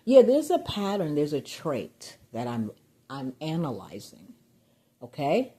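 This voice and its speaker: Low, husky-voiced agitated woman vlogger. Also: huge pitch swings, takes it slowly. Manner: agitated, rambling, swings loud and high when riled. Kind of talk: venting personal vlog.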